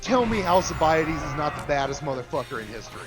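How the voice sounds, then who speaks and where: A man's voice: on the high side, sing-song, quick pace, music in the background. A man joking crudely with friends in a casual gaming voice chat. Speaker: gamer in voice chat.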